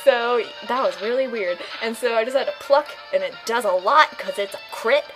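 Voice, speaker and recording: A young woman does a let's play, casually commenting on her own game playthrough at a moderate pace. Her voice is a little high, and she rambles, jokes, and puts on silly voices, with music in the background and poor audio quality.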